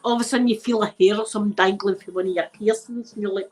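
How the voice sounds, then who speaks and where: A woman's voice: mid-range voice, steady tone, racing, darkish tone, rough recording. Chatty Scottish woman with a blocked nose. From Scotland. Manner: chatty, rambling, swears casually, laughs often. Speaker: ASMR channel host. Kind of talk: casual livestream chat, answering viewers. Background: faint music playing.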